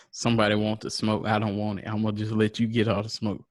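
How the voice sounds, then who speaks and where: A man's voice: lowish voice, monotone, fairly quick, dry recording. A man hosting a podcast in casual chat, laughing often and putting questions to his co-hosts. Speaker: podcast host.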